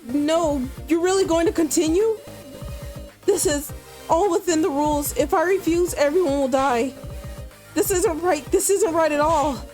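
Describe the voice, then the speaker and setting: A woman's voice: extremely high pitch, unhurried, darkish tone, soft background music, voice pushed up. A woman reading the lines of a distraught young heroine begging for lives in a game. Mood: pleading. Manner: pleading, distraught.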